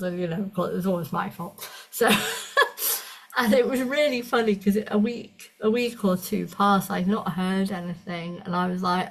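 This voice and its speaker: Woman healer, gravelly, rambling storyteller, casual chat. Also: mid-range voice, rough recording. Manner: chatty storytelling, restarts, quick asides. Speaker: energy medicine practitioner. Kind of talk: casual conversation with a client.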